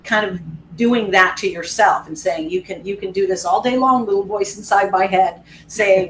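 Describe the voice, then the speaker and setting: A woman's voice: medium pitch, moderate pace, slight background noise, rough recording. A woman fitness professional talking casually in a webinar, chatty and candid, acting out voices in her stories. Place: video call.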